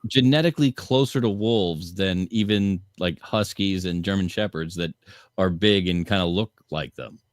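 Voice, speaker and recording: A man co-hosting a podcast, trading wry jokes and quick asides in casual banter. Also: deep voice, no room sound, studio quality. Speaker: podcast co-host.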